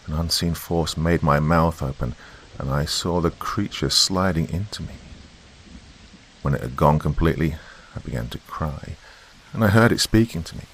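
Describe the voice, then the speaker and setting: A man narrating a first-person horror story in a slow, hushed storytelling manner. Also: extremely low pitch. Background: faint rain and hiss.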